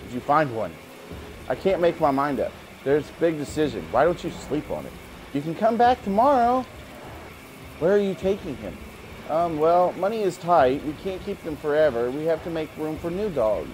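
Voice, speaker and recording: A man's voice: a little high, animated, moderate pace, a little mellow, a little hiss or hum, poor audio. A man giving jumpy, jokey commentary while playing a game, often talking to himself. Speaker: gamer. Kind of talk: let's play commentary.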